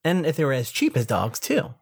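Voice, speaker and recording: A woman co-hosting a podcast, reviewing an audiobook in a measured casual chat with sassy asides. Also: very deep voice, wildly swooping pitch, gravelly, darkish tone, slightly rough, no echo, clean studio sound.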